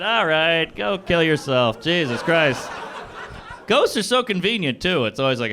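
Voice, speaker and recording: A man's voice: high-pitched, sing-song, measured pace, long pauses, background noise. A man doing improvised stand-up comedy in a club, riffing crudely at speed and chuckling at his own jokes. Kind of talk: improvised stand-up off audience suggestions. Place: comedy club stage before a live audience.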